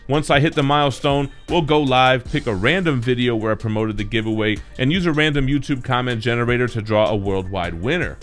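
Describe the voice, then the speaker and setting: A man's voice: medium pitch, a little fast, few pauses, faint music behind. A man hosting a comic book channel, talking in a laid-back, slangy way as he reviews the week's comics. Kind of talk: casual review chat.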